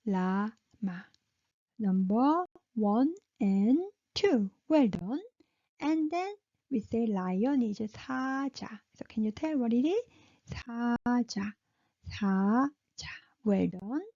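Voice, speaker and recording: A woman's voice: fairly high pitch, animated, takes it slowly, mellow. A woman with a Korean accent teaching Korean pronunciation, modelling syllables and praising the learner. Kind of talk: pronunciation lesson. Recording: dull lo-fi sound.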